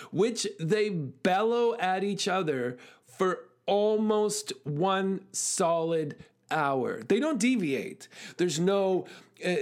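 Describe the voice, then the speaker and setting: Animated man giving a motivational talk. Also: high-pitched. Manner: animated storyteller, fast bursts, frequent fillers. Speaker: speaker.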